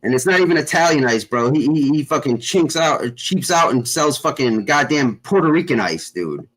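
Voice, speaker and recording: A man's voice: on the high side, expressive, moderate pace, a bit bright, poor audio. A man hosting a casual chat show, rambling with lots of fillers and constant swearing. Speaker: show host.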